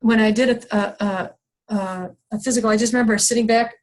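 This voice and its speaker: A woman's voice: a little high, fast. Woman leading a reflective video-call workshop. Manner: conversational, reflective, frequent fillers and restarts; acts out her own past frustration with raised excited voice. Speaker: workshop facilitator. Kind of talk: online wellness workshop talk.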